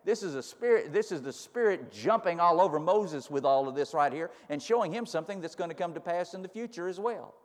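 High-voiced preacher in a reverberant hall. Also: male voice, animated, a little fast, hardly any pauses. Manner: rising to fervent emphasis, folksy retelling with repeated phrases. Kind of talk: sermon.

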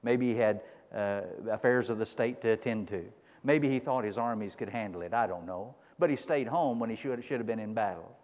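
Male pastor in the pulpit, storytelling sermon with loud swells, reverberant sanctuary sound. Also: fairly low pitch, fairly quick. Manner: storytelling, builds to loud climaxes.

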